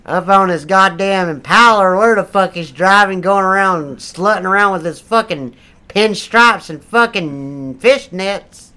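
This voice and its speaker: A man voicing a crude, loud redneck churchgoer who rants and curses, with a put-on drawl. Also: high-pitched, measured pace, clean tone. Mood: preachy ranting. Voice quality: brash, profane, rambling. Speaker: comedic character. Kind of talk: improvised comedy role-play.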